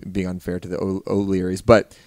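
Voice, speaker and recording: A man co-hosting a casual podcast chat, animated and opinionated, swearing casually. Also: deep voice, fairly quick, no room sound, clean studio sound. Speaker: podcast co-host.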